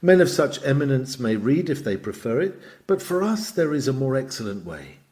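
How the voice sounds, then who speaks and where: Man reading a sermon, lively swells. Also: mid-range voice, moderate pace. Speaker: sermon reader. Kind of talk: read-aloud sermon narration.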